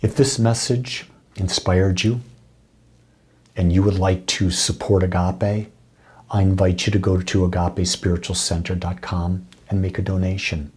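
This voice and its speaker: Low, very breathy male minister. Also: little pitch movement. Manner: soft, intimate delivery with frequent breathy, whispered phrases; slow, deliberate affirmations. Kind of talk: spiritual talk.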